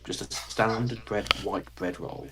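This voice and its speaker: A man's voice: lowish voice, steady tone, a little slow, heavy background noise. A British man from the United Kingdom chatting casually with dry, teasing humor. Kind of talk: casual chat.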